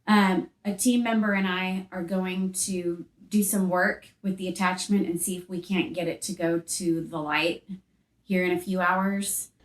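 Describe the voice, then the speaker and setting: A woman investigator gives short, calm replies and plain instructions. Her voice sits a little low. The sound carries a roomy echo. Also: unhurried. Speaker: paranormal investigator.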